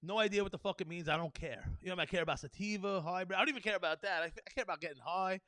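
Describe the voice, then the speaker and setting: A man's voice: high voice, rapid-fire, sharp tone, dry recording. A man hosting a podcast, ranting in an unscripted monologue, profane and rambling, stumbling over restarts and laughing at his own jokes. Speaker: podcast host.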